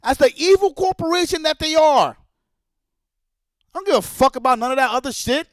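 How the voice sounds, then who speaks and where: A man's voice: very high-pitched, animated, a little fast, no room sound. A man streaming live, ranting in a profane, heated and repetitive way. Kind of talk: livestream rant.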